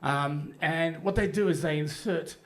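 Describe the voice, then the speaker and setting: A man's voice: on the high side, a little slow, a bit bright. A man in his fifties with an Australian accent doing live stand-up, rambling, crude and self-mocking, with lots of fillers and restarts. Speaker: stand-up comedian. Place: comedy club stage, audience laughing.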